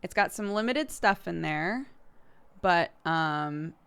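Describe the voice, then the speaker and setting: Chatty woman streamer with smooth, lowish voice. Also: expressive, a bit bright. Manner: chatty, laughs often, quick anecdotes. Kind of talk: casual chat while gaming.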